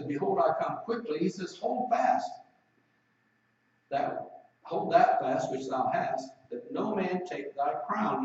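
Male preacher, slightly high voice, emphatic sermon delivery, distant, dull, echoing recording. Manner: preaching with emphatic, drawn-out scripture reading. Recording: roomy echo, distant mic, dull lo-fi sound.

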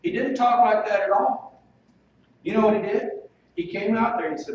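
A man's voice: high-pitched, normal speed, slight background noise. A male pastor preaching a sermon in an emphatic, folksy manner, heard from a distance in a church. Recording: echoey, dull, distant room recording.

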